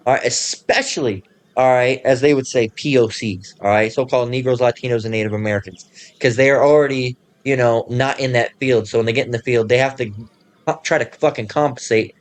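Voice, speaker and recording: A man hosting his own channel, ranting casually in a profane, rambling way and pausing to read passages aloud. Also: mid-range voice. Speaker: channel host.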